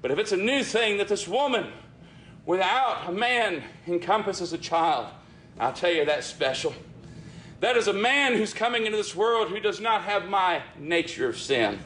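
A man preaching a sermon in an earnest way, often calling his listeners friends and dropping his voice low for emphasis. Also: very animated, normal speed, fairly bright tone, a little hiss or hum.

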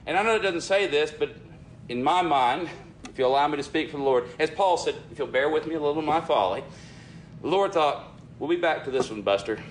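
Preaching earnestly and briskly, this man repeatedly addresses his audience as friends and lowers his voice to stress key points. A little background noise can be heard.

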